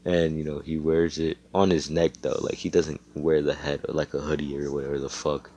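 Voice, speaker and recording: Young guy with a deep voice making up a fan story, rambly, swears a lot. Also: level tone, brisk, warm tone, slight background noise. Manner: rambling, profane, slangy. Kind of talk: improvised fan fiction storytelling.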